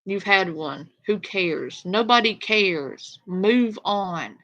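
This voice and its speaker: A woman's voice: medium pitch, lively intonation, slow, fairly bright tone. A woman talking to camera in a casual, sarcastic, dismissive way, as an online content creator. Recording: dull lo-fi clip audio.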